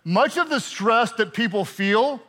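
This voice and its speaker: A man's voice: very high voice, expressive, a little slow, fairly bright tone. A man preaching a sermon with fervor, rallying the congregation to respond. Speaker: pastor. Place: large church auditorium.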